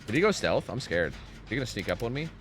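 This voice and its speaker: Guy streaming a game, super swoopy voice, cursing a lot, goes from begging loud to mumbling, some quiet music behind. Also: quick pace. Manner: excitable, profane, swings from loud pleading to low mumbling. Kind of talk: live gaming commentary with chat.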